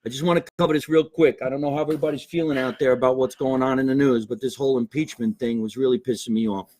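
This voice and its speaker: A man's voice: medium pitch, fairly even intonation, fast talker, a little mellow. A man hosting a live comedy podcast, brash and profane, joking constantly. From New York. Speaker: comedian host.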